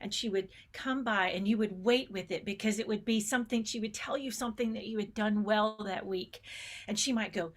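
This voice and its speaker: A middle-aged woman, a space educator, delivers a keynote on a conference stage, telling stories with enthusiasm and frequently changing her pace. Her voice is mid-range and brisk.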